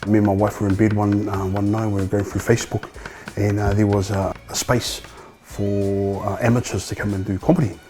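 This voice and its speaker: A man's voice: fairly low pitch, brisk, music in the background. A middle-aged man with a New Zealand accent, a comedian telling his story in an interview in a loose, rambling way. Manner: relaxed, rambling, swears freely. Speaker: stand-up comedian, men's housing manager.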